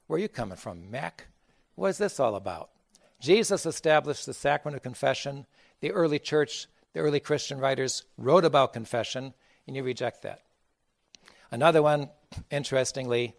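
Emphatic preaching bishop, dry sound. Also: male voice, mid-range voice, creaky, no room sound. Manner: emphatic, rhetorical questions, acts out quotes. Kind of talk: conference sermon.

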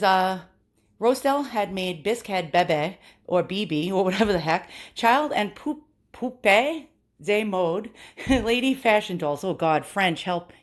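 Woman, New York accent, chatty, self-deprecating, casual show-and-tell, phone-filmed at home. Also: lowish voice. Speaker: antique doll collector. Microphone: handheld phone camera.

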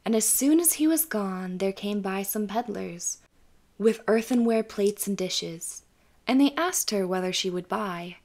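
A woman narrating a fairy tale audiobook in a calm, even storytelling manner. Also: mid-range voice, unhurried. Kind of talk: scripted bedtime story narration.

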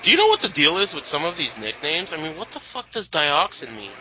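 Lively, cursing man co-hosting. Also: fairly high pitch, brisk, a little hiss or hum, rough recording. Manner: lively, swears casually, teasing. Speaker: co-host. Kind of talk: casual chat over match footage.

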